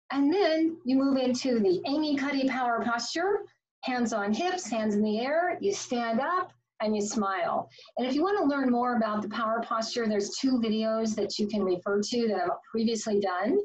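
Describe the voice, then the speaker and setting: A woman's voice: a little high, moderate pace. A woman life coach giving an upbeat, playful motivational talk to camera. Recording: slightly distant, dull sound.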